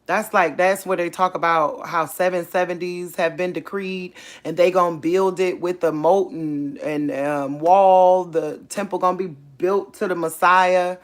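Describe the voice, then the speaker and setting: A woman, hosting a casual faith channel, talking excitedly and thinking aloud, repeating herself as she works things out. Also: fairly low pitch, measured pace. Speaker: online faith channel host. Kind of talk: casual livestream talk.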